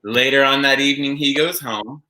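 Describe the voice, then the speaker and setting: A man hosting a casual chat podcast, telling stories in a rambling, animated way. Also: medium pitch, moderate pace, low-quality recording. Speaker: podcast host.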